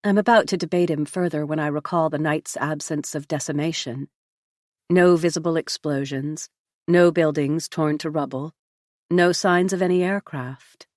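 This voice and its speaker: Low-voiced woman narrating an audiobook. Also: a little mellow, no echo, clean studio sound. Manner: measured, reflective storytelling. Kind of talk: first-person audiobook narration.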